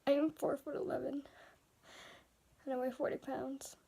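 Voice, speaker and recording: A woman narrating a dark first-person story in a soft, hesitant voice that often drops into a whisper. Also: high-pitched, flat delivery, moderate pace, vocal fry.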